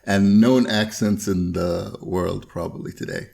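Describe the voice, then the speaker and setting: This is a male podcast host with a very deep, gravelly voice. He asks earnest fan questions and fills his pauses with "uh" and "like". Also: steady tone, darkish tone. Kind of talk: casual interview questions.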